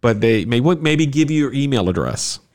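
Man, podcast co-host, casual chat, teasing, very animated pitch. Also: moderate pace. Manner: teasing, lively, prods the host.

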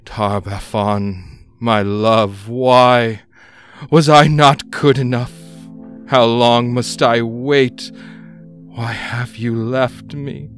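A man voicing an ancient, abandoned lake monster that pleads in a quavering voice, rising to loud wails. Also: fairly low pitch, slow, vocal fry, no room sound, faint music behind, voice pushed up, full character voice. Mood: mournful pleading.

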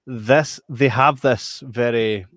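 A Scottish man talks a film over with a friend in a lively, emphatic way. His voice sits at a middling pitch. The recording is dry, with no room sound around him. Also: slow pace, no room sound. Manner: animated, emphatic, acts out quoted voices. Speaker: podcast co-host. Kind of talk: casual chat reviewing a film.

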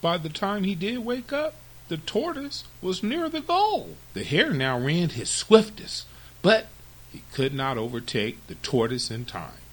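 A man hosting a storytelling podcast, reading fables to children with very expressive, lively narration. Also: high voice, measured pace, poor audio.

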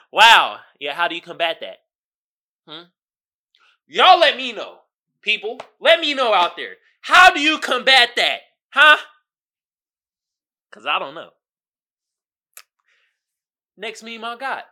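Bright, lively-voiced male podcast host. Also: sits high, measured pace, pauses often. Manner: animated, exclaiming, laughing often. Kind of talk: casual solo commentary.

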